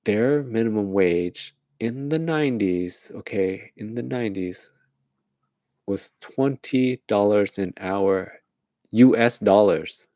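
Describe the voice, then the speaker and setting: A man's voice: fairly low pitch, slow pace, dark tone, no echo. A man hosting a late-night casual rant, rambling along, laughing at his own jokes and acting out little voices. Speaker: host.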